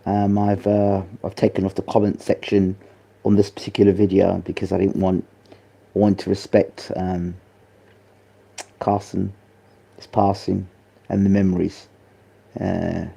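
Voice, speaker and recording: A grieving man speaks softly and haltingly, pausing often between his words. His voice is low, dark and gravelly. He delivers a personal spoken tribute. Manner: halting, soft and subdued, many pauses and fillers. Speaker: boxing channel host.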